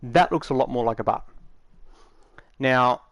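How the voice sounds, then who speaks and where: A man's voice: medium pitch, a little slow, creaky, a bit bright, dry recording. A man giving a casual, rambling tutorial, matter-of-fact and full of fillers, recorded dry on a close mic. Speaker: game tutorial maker.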